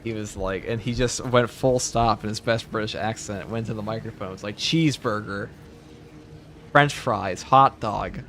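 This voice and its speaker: A man's voice: fairly low pitch, steady tone, fairly quick, hardly any pauses. A man talks loosely over his gameplay, wandering from joke to joke with plenty of filler. A faint background hum sits under his voice. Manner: rambling, jokey, chatty with filler words. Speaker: streamer. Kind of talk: casual live-stream chat over gameplay.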